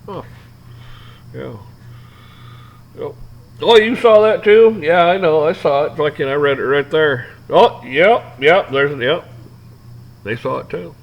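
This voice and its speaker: Gravelly guy ranting, swears a lot, keeps restarting and rambling. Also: on the high side, takes it slowly, long pauses, dull audio. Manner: rambling, profane, many restarts and fillers. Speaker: vlogger ranting to camera. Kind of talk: off-the-cuff rant.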